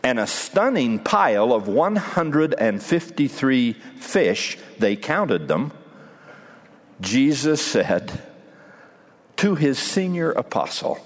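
A man giving a sermon in a measured way, with dramatic pauses, in a hall with a long echo. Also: mid-range voice, sing-song. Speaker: preacher.

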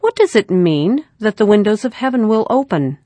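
A woman's voice: medium pitch, sing-song, moderate pace, warm tone, no echo, voice pushed up. A woman voicing a stubborn little girl with a piping, insistent manner in a storybook reading. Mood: curious.

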